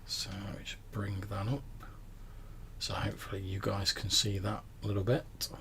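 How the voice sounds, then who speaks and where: A man's voice: lowish voice, level tone, moderate pace, pushed and bright, slight background noise. A man narrating as game master of a tabletop game over a call, describing scenes at length with lots of fillers.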